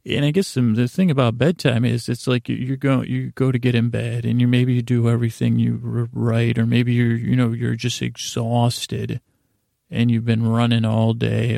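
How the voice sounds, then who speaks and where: Male podcast host, gravelly and dark, drifting bedtime ramble. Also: medium pitch, no echo, studio quality. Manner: meandering, drowsy, full of restarts and fillers.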